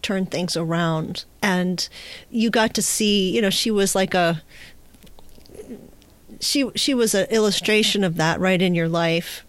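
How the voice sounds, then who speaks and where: A woman host responding to her guest in a halting, thoughtful way. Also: mid-range voice. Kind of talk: interview conversation.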